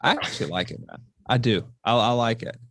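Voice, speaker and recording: A man, a high school football coach, talking bluntly and swearing freely as a podcast guest over a remote call. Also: fairly quick, fairly bright tone. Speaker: football offensive coordinator, guest. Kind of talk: casual podcast chat.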